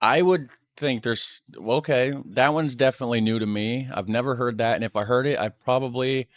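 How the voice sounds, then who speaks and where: American man, casual reaction talk, relaxed, chatty, dry close-miked sound. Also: mid-range voice, normal speed, no room sound. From United States. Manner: relaxed, chatty, laughs often. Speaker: YouTube reactor.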